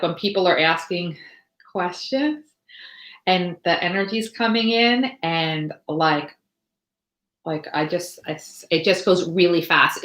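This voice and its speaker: A woman's voice: on the low side, a bit bright. Woman, tarot reader, live-stream chat, rambling, lots of fillers, echoey room. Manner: rambling, chatty, many fillers and restarts.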